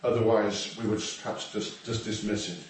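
Male preacher, chatty and joking, recorded from afar in a booming hall. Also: little pitch movement, moderate pace. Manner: humorous, conversational, with asides and acted quotes. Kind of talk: sermon. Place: church hall. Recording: echoey hall, distant mic, faint noise.

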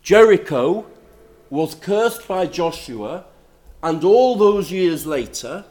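An older man preaching a sermon, reading scripture aloud and then explaining it in a measured way that grows emphatic. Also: sits high, expressive, darkish tone.

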